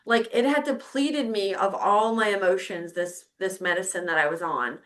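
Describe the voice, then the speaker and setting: A woman's voice: mid-range voice, normal speed, a bit bright. A middle-aged woman hosting a podcast, telling a personal story in casual chat, candid and swearing freely as she acts out her own past reactions. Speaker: podcast host.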